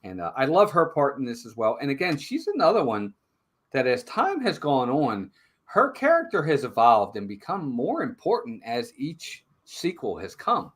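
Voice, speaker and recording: A man's voice: medium pitch, normal speed, breathy edge. A man co-hosting a movie review show, chatting casually and acting out the characters' lines as he retells the plot. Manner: animated storyteller, acts out characters' lines.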